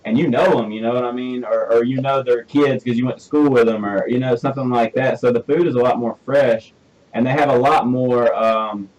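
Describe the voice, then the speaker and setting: A man's voice: medium pitch, fairly even intonation, a little fast, darkish tone. A man with an Alabama accent hosting a casual interview, chatty and rambling, laughing easily. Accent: Southern US, Alabama. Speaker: podcast host. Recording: distant, dull mic with faint noise.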